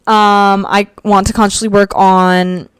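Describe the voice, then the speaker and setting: A woman's voice: mid-range voice, little pitch movement, a little slow, clean tone, no echo, studio quality. A young woman hosting her own podcast, talking through her thoughts in a chatty, reflective way with frequent fillers, recorded at home. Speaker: podcast host. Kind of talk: casual solo podcast reflection. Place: home room where she records.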